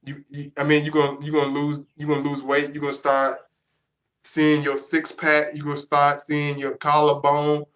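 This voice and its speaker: A man's voice: on the high side, monotone, normal speed, fairly bright tone. A man, talking casually to his viewers in a rambling, repetitive way that keeps restarting sentences. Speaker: vlogger. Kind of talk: casual monologue to camera.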